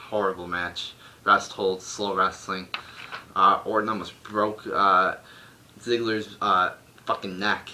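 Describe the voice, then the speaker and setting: Young guy with a low voice, super bright and forceful, cussing up a storm, faint hiss behind. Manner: profane, blunt, exasperated ranting. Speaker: wrestling show reviewer. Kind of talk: casual ranting review. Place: home room.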